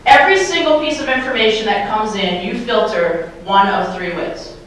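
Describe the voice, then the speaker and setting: A woman's voice: mid-range voice, moderate pace, fairly bright tone, slight background noise. Playful woman giving a keynote in an echoey hall. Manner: playful, asks the audience questions. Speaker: keynote speaker. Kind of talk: motivational keynote. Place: large hall, live audience. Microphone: handheld microphone. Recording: very echoey hall, mic from far off.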